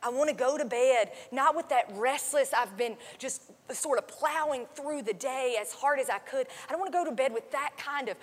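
A woman pastor giving a sermon in a conversational, chatty way, full of fillers, sometimes dropping to a soft hush. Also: high voice, moderate pace, few pauses. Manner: conversational, many fillers like "like" and "um", drops to a soft hush when quoting. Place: church sanctuary. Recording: long hall reverb.

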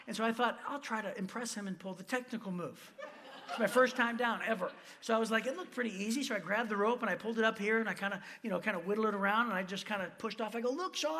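A man preaching, telling a funny personal story, animated and acting out the voices of the people in it. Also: sits high. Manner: animated, acts out quoted voices, laughs at himself. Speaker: pastor. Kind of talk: sermon storytelling.

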